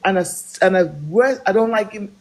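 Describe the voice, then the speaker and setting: Caller, man, 60s, angry venting, higher voice, sounds off-mic. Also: animated, moderate pace, a little mellow. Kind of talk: casual ranting call-in.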